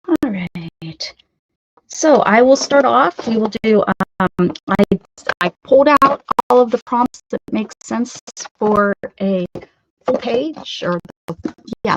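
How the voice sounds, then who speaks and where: A woman's voice: on the high side, vocal fry, a little hiss or hum, poor audio. A woman hosting a casual art livestream from her craft table at home, chatting with viewers and greeting them by name.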